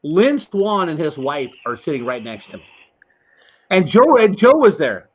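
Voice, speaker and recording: A man co-hosting a casual sports chat show, telling quick anecdotes in an animated way. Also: on the high side, dull audio. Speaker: podcast co-host.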